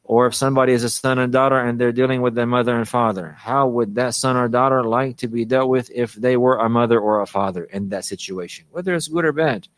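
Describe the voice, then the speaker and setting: A man's voice: medium pitch, fairly even intonation, brisk, hardly any pauses, dry recording. A man giving a religious lesson on manners, often repeating a phrase to stress it and restarting his sentences. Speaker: Islamic teacher.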